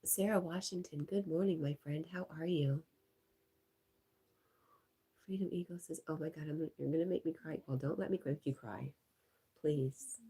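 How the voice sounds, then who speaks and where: Low, husky stuffy-nosed woman streaming. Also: steady tone, moderate pace, long pauses. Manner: chatty, talks softly to her dog between comments. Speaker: livestream host. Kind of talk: casual livestream chat, reading viewer comments aloud.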